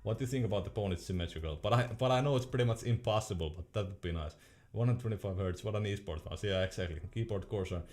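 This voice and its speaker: A man's voice: on the low side, rapid-fire, hardly any pauses, darkish tone. A young man streaming casually, reading chat questions aloud in a laid-back way and laughing often.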